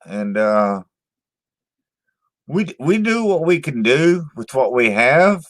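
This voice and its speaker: Slow and sing-song, this man's medium-pitched voice comes through dry and studio-quality. As a channel host reading live chat, he chats casually and bluntly with viewers, swearing freely. He trips over repeated words and caps his lines with "man."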